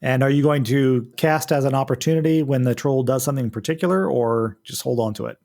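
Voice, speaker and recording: A man's voice: mid-range voice, quick pace, vocal fry, darkish tone. A man running a tabletop game as game master, patiently walking the players through rules and turns. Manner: patient, explains rules step by step.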